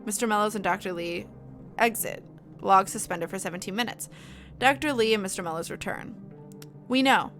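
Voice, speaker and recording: A woman's voice: medium pitch, brisk, fairly bright tone, faint music behind. A young woman streamer casually reading horror files aloud, stopping to chat and comment. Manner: chatty, breaks off to comment and laugh.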